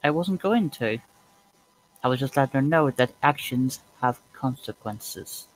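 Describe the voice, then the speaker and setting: A man playing a tabletop role-playing game, speaking in a calm, earnest way. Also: mid-range voice, a little slow, a little hiss or hum, low-quality recording. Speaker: player.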